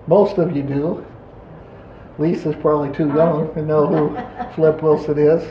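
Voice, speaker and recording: A man preaching a sermon in a folksy, animated way, acting out quotes. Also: on the high side, a little slow, dull audio, a little hiss or hum. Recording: echoey room.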